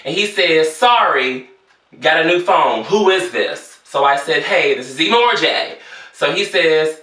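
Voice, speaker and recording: A man telling a story in a sassy, theatrical rant, jumping into high exclamations. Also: animated, a little slow, sharp tone, a little hiss or hum. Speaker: vlogger. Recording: echoey room, voice a bit far from the mic.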